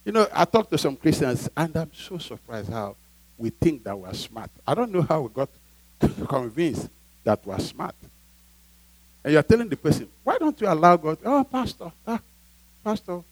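A man's voice: on the high side, no room sound, poor audio. A male pastor preaching a sermon emphatically, often asking the congregation to fill in a word.

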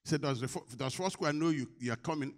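Here a middle-aged male preacher moves fast through his sermon, drawing the congregation into call-and-response while swinging from soft, low asides to loud exhortation.

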